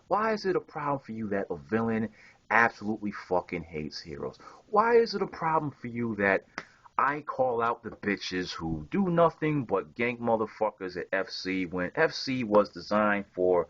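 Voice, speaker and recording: A man's voice: fairly low pitch, fairly bright tone, no echo. A young man, an online gamer, delivering a profane, confrontational rant straight at a rival. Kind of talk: angry rant to camera. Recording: dull lo-fi home recording.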